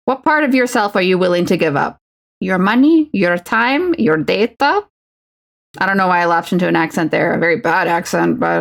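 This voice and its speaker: A woman's voice: lowish voice, gravelly. Chatty woman rambling with lots of fillers. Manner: rambling, filler-heavy "like" speech; replies to chat messages. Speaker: streamer painting a miniature. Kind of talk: casual chat with viewers.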